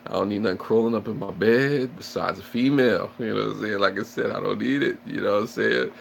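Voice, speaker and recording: A man chats and jokes with viewers on a casual livestream, rambling and playfully acting out scared shrieks. His voice is on the low side and gravelly, and he talks at a quick pace. There's a little hiss or hum in the recording.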